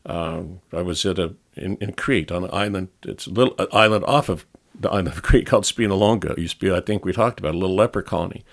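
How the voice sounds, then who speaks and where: A man with a very low voice tells stories in a relaxed chat on a studio podcast. His voice has a rough, gravelly fry to it. He rambles, starts over and corrects himself mid-sentence. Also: fast. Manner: rambling storyteller, restarts and self-corrections. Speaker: podcast co-host back from travel. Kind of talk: casual chat.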